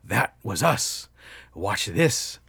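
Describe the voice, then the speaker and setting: A man's voice: lowish voice, very animated, very slow, a bit bright, breathy edge, no room sound, full character voice. A man imitating a harsh robot voice from a nightmare that sounds like a crappy drive-through speaker. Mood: menacing. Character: grinding robot demon, menacing.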